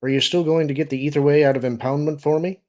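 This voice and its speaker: A man voicing a shrewd, calculating middle-aged smuggler chief who talks smoothly and persuasively in an audiobook. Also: on the high side, steady tone, fast talker, voice pushed up, natural voice.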